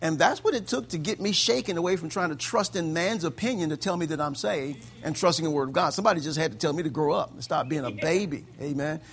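High, gravelly-voiced male pastor preaching. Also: fast, hardly any pauses, faint music behind. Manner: conversational preaching, peppered with "amen" and chuckles. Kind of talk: sermon. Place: church service with congregation.

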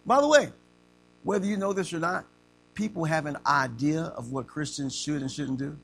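Male preacher with a bright, gravelly tone, teaching interactively and emphatically. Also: on the high side, moderate pace, slight background noise. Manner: asks the room questions and acts out stories. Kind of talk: interactive sermon.

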